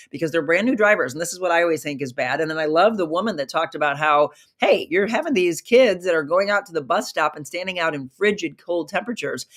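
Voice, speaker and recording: A middle-aged woman hosting a live online talk show, chatty and upbeat, greeting viewers by name and reading their comments, her voice a little hoarse from a recent virus. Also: fairly low pitch.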